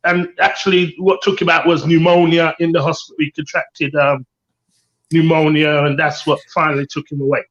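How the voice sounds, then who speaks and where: A man's voice: fairly high pitch, little pitch movement, normal speed, a bit bright, lo-fi sound. A middle-aged man co-hosting a candid panel chat, earnest and reflective, repeating his key phrases. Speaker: co-host.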